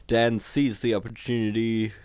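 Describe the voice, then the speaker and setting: Lowish-voiced man reading on a livestream. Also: flat delivery, moderate pace, darkish tone, clean tone, no room sound. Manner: laughs at the jokes, unpolished delivery. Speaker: reader. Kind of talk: casual livestream reading of a comedy book. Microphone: home computer mic on a livestream.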